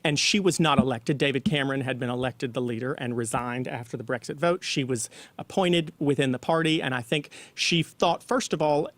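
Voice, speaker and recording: A man's voice: mid-range voice, a little fast, dry recording. A man co-hosting a casual weekly news talk show, explaining at length with fillers. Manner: chatty, explanatory, many fillers. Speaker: co-host.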